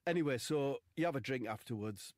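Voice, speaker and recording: A man's voice: medium pitch, brisk, no room sound. A man telling a comic story as a podcast co-host. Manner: animated, lots of voices.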